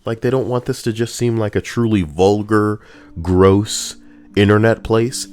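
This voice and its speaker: A man's voice: lowish voice, fairly even intonation, unhurried, a little mellow, smooth. A young man casually reading forum posts aloud and riffing on them, sarcastic and rambling with loose asides.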